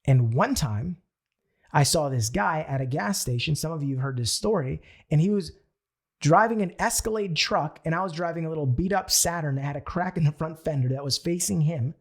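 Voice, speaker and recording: A young man leads a motivational sales training, speaking a little higher than most men. His voice has a gravelly fry, and he tells his stories in a lively way, acting out his own thoughts as he goes. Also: a little fast. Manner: animated storyteller who acts out his own thoughts. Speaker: network marketing trainer.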